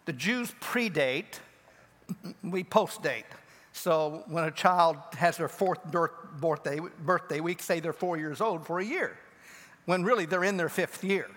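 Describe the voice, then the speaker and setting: A man preaching a sermon as pastor, telling a Bible story and acting out the speakers with big swings in pitch. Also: a little slow, a bit bright. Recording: long hall reverb.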